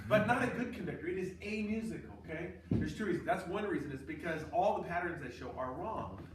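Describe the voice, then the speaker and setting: A man's voice: sits high, animated, quick pace, few pauses, a little hiss or hum. A man teaching a choral conducting class, lecturing emphatically with sarcastic asides. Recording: echoey room, distant mic.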